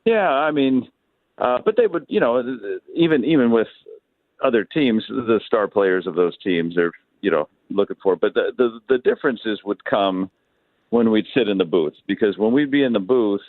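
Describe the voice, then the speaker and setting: A man's voice: lowish voice, expressive, moderate pace, no room sound. A male baseball announcer from Detroit, chatting as a guest and telling stories with many restarts. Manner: rambling storyteller with many restarts. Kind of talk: casual phone interview storytelling. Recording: thin phone line.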